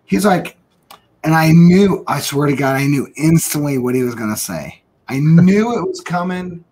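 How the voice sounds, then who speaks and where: A slightly husky man tells a rambling story in casual conversation, slipping into the voices of the people he quotes. His voice sits a touch higher than most men's. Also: expressive, moderate pace, darkish tone, rough recording.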